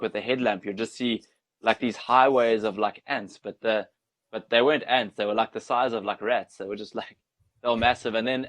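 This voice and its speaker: A young South African man with a South African accent, telling stories in a rambling, laid-back way as a guest on an interview show. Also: lowish voice. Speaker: guest, ultra trail runner. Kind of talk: casual interview storytelling.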